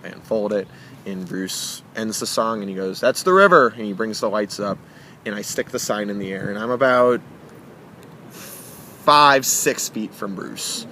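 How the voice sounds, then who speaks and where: A young man, the guest of an interview, eagerly telling a story in a car, acting out the quotes with halting restarts. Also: on the low side, fairly even intonation, sharp tone, slight background noise. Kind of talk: excited storytelling.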